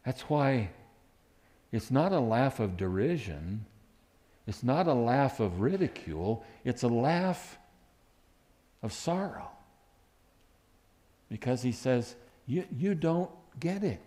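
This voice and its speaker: Slow, mellow-voiced male preacher. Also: medium pitch. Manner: animated, voices quoted lines with sudden lifts and drops. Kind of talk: sermon.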